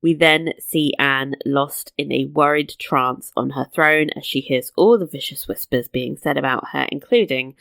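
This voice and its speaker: A woman's voice: low voice, measured pace, gravelly, hardly any pauses, a bit bright, no echo. A woman co-hosting a podcast, recapping a TV episode in casual chat with sarcastic asides. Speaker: podcast co-host.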